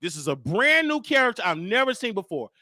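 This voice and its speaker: A man's voice: high-pitched, brisk, no echo, studio quality. A man hosting a show, telling a story in casual commentary and animatedly acting out the exchanges he describes. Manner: animated, acts out quoted exchanges. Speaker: host.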